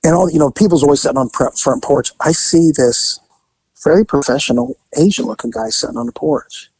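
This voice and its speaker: A man hosting a podcast, telling a police story in a relaxed, conversational way and acting out the people in it. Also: fairly high pitch, fairly quick, breathy edge, no room sound, rough recording. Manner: animated storyteller who acts out the people in his story. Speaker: podcast host and former police officer. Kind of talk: casual storytelling.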